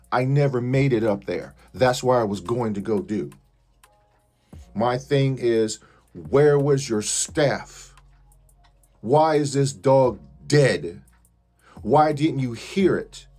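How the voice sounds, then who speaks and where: A man's voice: medium pitch, a little mellow. Indignant man airing a grievance. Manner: indignant, repeats pointed questions. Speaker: vlogger. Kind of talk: complaint video to viewers.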